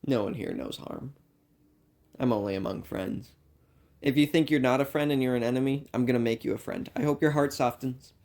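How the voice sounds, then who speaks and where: A young man, a university student, delivering a rambling comedic monologue in an earnest, meandering way. He swings between loud outbursts and quiet asides. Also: medium pitch, fairly quick, gravelly.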